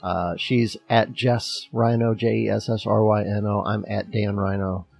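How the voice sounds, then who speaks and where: A man's voice: on the low side, fairly even intonation, measured pace, gravelly, a little mellow. A man with a Midwestern accent co-hosting a podcast in casual, joking chat, laughing often. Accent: American Midwestern. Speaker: podcast co-host.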